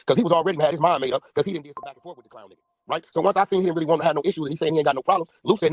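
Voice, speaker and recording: A man hosting a podcast, telling a story in rapid, slang-heavy casual talk. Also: on the high side, no room sound. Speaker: podcast host. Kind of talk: casual chat.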